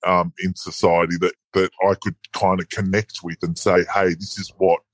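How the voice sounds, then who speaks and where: Low-voiced Australian man in his forties. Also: flat delivery, a bit bright, no room sound. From Sydney, Australia. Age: 40s. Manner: hesitant, halting, with repeated starts. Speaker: podcast guest. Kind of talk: casual interview chat.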